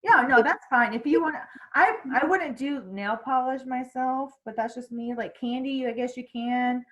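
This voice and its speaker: Chatty woman trainer with a higher-pitched voice, casual call, many fillers. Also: normal speed, a bit bright, rough recording. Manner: chatty, many fillers and restarts, acts out quotes. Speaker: sales team trainer.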